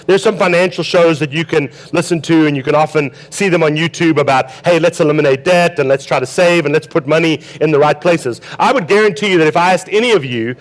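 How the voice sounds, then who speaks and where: A man's voice: fairly high pitch, low-quality recording. A male pastor preaching a sermon in a conversational way, asking the congregation questions and acting out Bible quotes.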